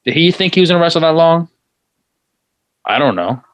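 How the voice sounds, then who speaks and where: A man's voice: a little high, expressive, fairly quick, no room sound, lo-fi sound. A man co-hosting a casual wrestling podcast, recapping matches play-by-play. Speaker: podcast co-host. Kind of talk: casual chat.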